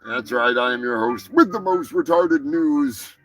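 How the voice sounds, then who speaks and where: A man's voice: medium pitch, lively intonation, measured pace, a bit bright, soft background music, poor audio. A man hosting a crude comedic news show, brash, profane and mock-grandiose. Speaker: host.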